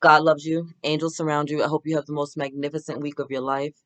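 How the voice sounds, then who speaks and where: A woman's voice: sits low, level tone, fast, a bit bright, no room sound. A woman hosting an oracle card reading, giving an emphatic, casual spiritual pep talk. She repeats affirmations, keeps asking "right?", swears casually and calls her listeners "baby". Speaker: oracle card reader and host.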